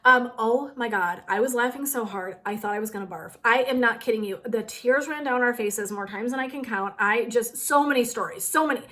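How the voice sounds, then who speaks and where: A woman's voice: fairly high pitch, brisk, few pauses, bright, forceful tone. A middle-aged woman hosting a wellness channel, chatting casually to her viewers and giggling through a funny story.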